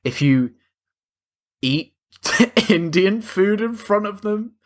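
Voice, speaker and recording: A man's voice: high voice, animated, takes it slowly. A man co-hosting a podcast, animatedly retelling scenes with swearing and laughter. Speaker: podcast co-host. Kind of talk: casual chat.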